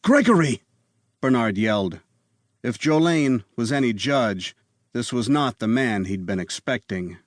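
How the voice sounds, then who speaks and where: A man reading a thriller audiobook in a measured, tense narration. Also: mid-range voice, no echo, studio quality. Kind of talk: scripted narration.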